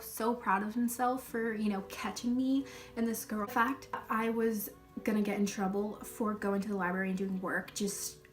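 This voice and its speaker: A woman's voice: mid-range voice, far from the mic. A young woman animatedly retelling a school story on her vlog, with swearing and lots of "like". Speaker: vlogger.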